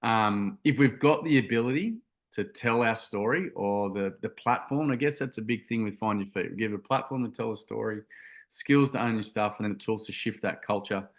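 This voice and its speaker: Fairly low in pitch and moderate in pace, the guest, a young youth workshop founder, recounts a story during an interview. He comes across earnest, wandering, and full of ums and false starts.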